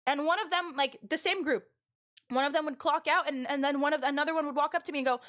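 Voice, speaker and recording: A young woman with a notably high voice tells stories to her live chat. She talks loudly and animatedly, rambling along with plenty of "like" fillers in a casual streamer chat. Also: fast. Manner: loud and expressive.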